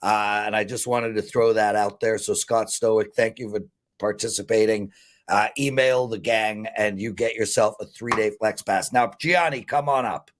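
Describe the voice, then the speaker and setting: A man's voice: on the low side, steady tone, moderate pace. A man in his fifties hosting a sports betting show, talking in a heartfelt, rambling way and getting emotional. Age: 50s. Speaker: host.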